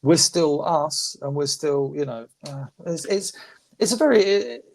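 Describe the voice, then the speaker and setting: A man's voice: fairly high pitch, expressive, a little slow, vocal fry. A man chatting casually on a podcast, rambling with restarts and swearing. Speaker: podcast regular. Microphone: phone.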